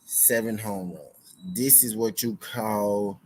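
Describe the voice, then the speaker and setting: A man's voice: on the low side, fairly even intonation, slow, darkish tone, a little hiss or hum, low-quality recording. A young man hosting a sports betting stream in loose, slangy casual chat, repeating his lines for emphasis. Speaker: sports betting show host.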